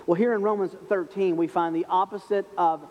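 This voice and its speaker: A man preaching a sermon as pastor, telling a story in a humorous, self-mocking way and slowing down softly on key points. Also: high-pitched, steady tone, long reverb tail, muffled recording. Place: church sanctuary.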